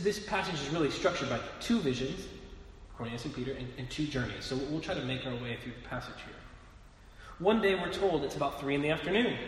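A man preaching a sermon in a conversational way, asking rhetorical questions and often restarting his words, in a church hall. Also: fairly high pitch. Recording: echoey hall with long reverb, faint noise.

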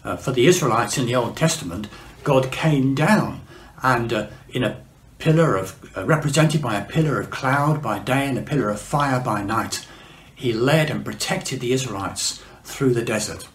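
Man, mid-pitched preacher, unhurried sermon delivery, reverberant hall sound. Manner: measured, slows for emphasis, frequent fillers. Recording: echoey room.

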